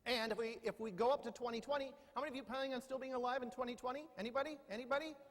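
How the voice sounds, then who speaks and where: Middle-aged male keynote speaker, high-pitched, playful and teasing, with long hall reverb. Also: fairly even intonation, rapid-fire, a bit bright. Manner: joking, quizzes the audience. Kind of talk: humorous keynote talk. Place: large lecture hall.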